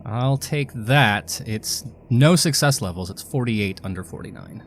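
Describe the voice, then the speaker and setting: A man's voice: mid-range voice, animated, a little slow, a little hiss or hum. A man playing a tabletop roleplaying game, talking through his moves in a matter-of-fact way. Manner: matter-of-fact, thinking aloud. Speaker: player.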